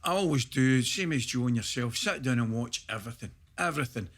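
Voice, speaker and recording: A middle-aged man with a Scottish accent and a bright, forward voice. He chats casually as a podcast guest, spinning animated stories and laughing through them. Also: mid-range voice, brisk. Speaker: guest, former footballer. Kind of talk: casual podcast chat, anecdote telling.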